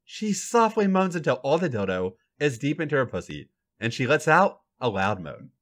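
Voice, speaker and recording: A man hosting a podcast, reading a fan fiction story aloud with an animated, dramatic delivery. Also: medium pitch, normal speed.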